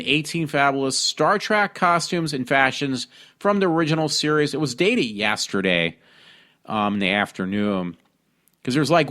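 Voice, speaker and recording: A man from hosts a casual talk show at an ordinary mid pitch. He reads news stories aloud, stumbling through ums and restarts as he comments on them. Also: a bit bright. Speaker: podcast host.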